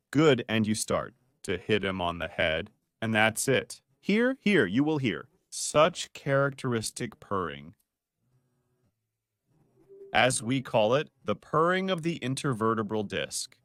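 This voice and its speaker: Male doctor, video lesson, very lively pitch, playful teaching, dry close sound. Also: no echo. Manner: lively, playful teaching with quiz questions to viewers. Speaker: doctor explaining spine health.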